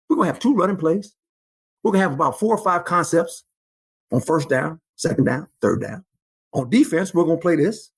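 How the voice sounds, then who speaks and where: An older man, a former football coach, telling stories as a guest in an interview, animated and emphatic, often repeating phrases. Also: a little high, brisk, husky. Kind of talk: storytelling interview.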